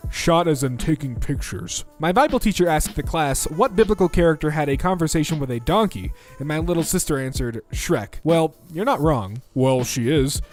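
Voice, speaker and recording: Lively young man reading funny posts. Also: a little high, faint music behind. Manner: lively, quick shifts into mock voices. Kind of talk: comedic reading of internet posts.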